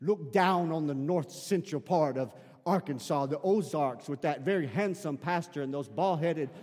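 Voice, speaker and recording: A man doing a booming Ugandan pastor in prayer. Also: normal speed, a little mellow, long reverb tail, close to an everyday voice. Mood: fervent prayer. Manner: booming, rising prayer cadence. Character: deep-voiced Ugandan male pastor praying fervently.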